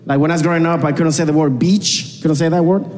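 A man's voice: on the high side, fairly even intonation, quick pace, a little mellow. Man, Venezuelan Spanish accent, stand-up comic, punchy repetitive delivery, club reverb. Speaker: stand-up comedian. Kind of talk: stand-up comedy set. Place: comedy club stage. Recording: reverberant hall with audience noise. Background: live audience.

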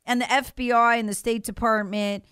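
A woman's voice: fairly high pitch, little pitch movement, normal speed, a bit bright, clean tone, no room sound, clean studio sound. A woman giving emphatic, indignant political commentary on a talk show, mocking the officials she quotes.

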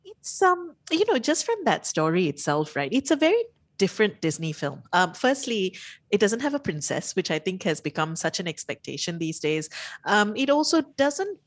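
A woman's voice: medium pitch, big pitch swings, moderate pace, dry recording. A woman co-hosting a radio film review show, talking thoughtfully and chatting. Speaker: radio co-host.

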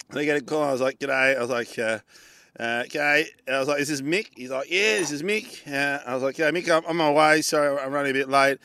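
An Australian man, a comedian and podcast co-host, telling a long story in casual chat, animated and swearing freely as he acts out the people in it. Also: medium pitch, no room sound.

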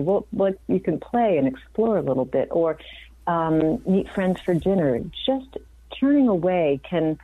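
Low-voiced woman in her fifties, earnest. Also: expressive, moderate pace, breathy edge, no echo. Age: 50s. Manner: earnest, reflective, with frequent restarts. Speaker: guest physician. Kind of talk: conversational interview. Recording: dry, phone-like remote audio.

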